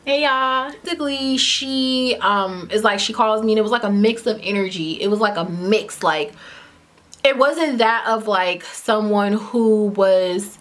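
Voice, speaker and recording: A woman in her twenties telling a casual story-time tale at home, chatty and animated, filling her talk with "like" and "you know what I'm saying". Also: medium pitch, a little slow. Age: 20s. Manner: eats while talking at times.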